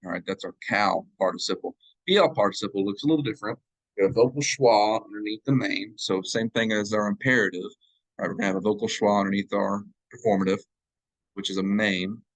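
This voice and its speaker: Low-voiced man teaching a grammar class. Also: brisk, no room sound, rough recording. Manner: drills paradigms aloud, checking in with "right?". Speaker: Hebrew teacher. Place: church classroom. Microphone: live class recording.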